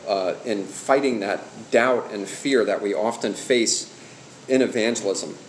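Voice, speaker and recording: In a roomy hall with faint background hum, a middle-aged pastor speaks at a measured pace in a voice on the low side. He leads a church evangelism class in a conversational style, putting questions to the room and recounting personal stories.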